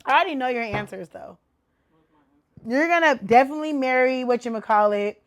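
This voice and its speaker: A woman hosting her own podcast in casual chat, animated and a little tipsy, with loud exclamations and slang. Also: high voice, a little fast. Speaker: podcast host.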